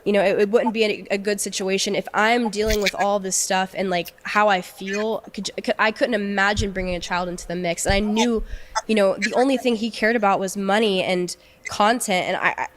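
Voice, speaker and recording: A young adult woman telling an emotional personal story, halting and often repeating words as she restarts. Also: mid-range voice, fairly even intonation, a little hiss or hum. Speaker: guest telling her story.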